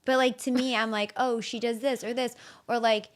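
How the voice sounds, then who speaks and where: A woman in her thirties hosts a podcast and talks casually with her best friend, gushing and animated. Her voice sits a little high. She tells stories full of quoted asides. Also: normal speed. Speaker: podcast host. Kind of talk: casual chat.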